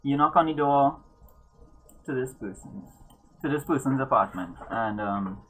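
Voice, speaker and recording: Woman game master, very low, slow, lots of ums. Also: animated, a little hiss or hum, low-quality recording. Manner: halting, many ums and self-corrections. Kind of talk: narrating a tabletop game.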